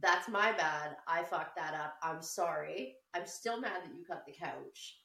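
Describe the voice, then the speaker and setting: A woman's voice: sits low, measured pace, creaky. Woman, casual storytelling, swears a lot, echoey room, set back from the mic. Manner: animated, swears a lot, laughs while telling. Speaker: podcast co-host. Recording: roomy, a bit distant from the mic.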